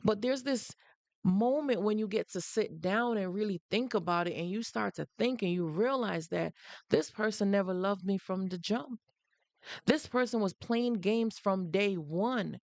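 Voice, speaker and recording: A woman's voice: medium pitch, normal speed, vocal fry, darkish tone, dry recording. Emphatic woman host, dry close sound. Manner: emphatic, repeats points for stress. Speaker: livestream host. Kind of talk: live-streamed advice talk.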